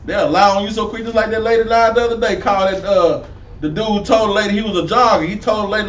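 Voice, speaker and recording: Male street preacher, high-pitched, caught on a distant mic in a roomy space. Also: fast talker, muffled recording, slight background noise. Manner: preachy, animated, sidewalk slang, rising to near-shouts. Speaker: street preacher teaching a class. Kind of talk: street Bible teaching.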